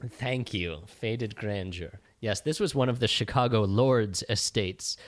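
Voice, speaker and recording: A man's voice: fairly low pitch, unhurried. A man hosting a comedy movie recap podcast, narrating in a playful, theatrical way. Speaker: podcast host.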